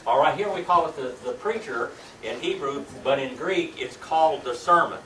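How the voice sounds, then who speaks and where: A man's voice: a little high, moderate pace, sharp tone, far from the mic. An older man teaching a Sunday school Bible class, quizzing his students with folksy tag questions. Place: church classroom. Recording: echoey room recorded from afar, faint hiss.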